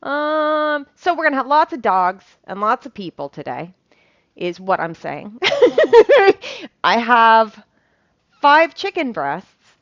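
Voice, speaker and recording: A woman's voice: high voice, big pitch swings, takes it slowly, a bit bright, dry recording. A woman chatting casually as she cooks, rambling with lots of ums and casual swearing. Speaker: cooking vlogger. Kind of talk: casual chat while cooking. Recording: dull lo-fi sound.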